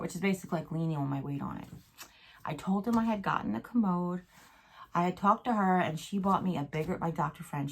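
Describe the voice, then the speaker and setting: A middle-aged woman casually chatting to camera at home as a vlogger, telling a story and acting out what others said. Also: lowish voice. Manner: chatty, storytelling, acts out quoted voices. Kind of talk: casual chat. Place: at home, sitting on a commode chair.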